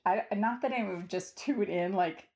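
A woman's voice: medium pitch, moderate pace, darkish tone. A woman hosting a podcast interview, asking questions thoughtfully and carefully, and laughing easily. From United States. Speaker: podcast host. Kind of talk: conversational interview.

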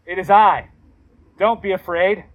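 A man voicing a calm, encouraging male teacher who reassures and invites his followers. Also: high voice, a little slow. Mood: reassuring.

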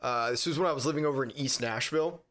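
A man's voice: medium pitch, rapid-fire, a bit bright. A man with an ordinary mid-range voice tells a story on a podcast. He rambles along loosely and curses casually. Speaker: podcast co-host.

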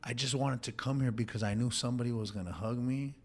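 A man's voice: medium pitch, fairly even intonation, fast, darkish tone. A man telling an emotional personal story in casual street slang, calling his listener dog and homie. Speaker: guest sharing his life story.

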